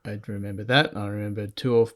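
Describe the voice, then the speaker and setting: A man's voice: lowish voice, steady tone, fast. A man co-hosting a comedy podcast, tossing in dry, punning remarks. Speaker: podcast co-host. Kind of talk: casual comedic podcast chat.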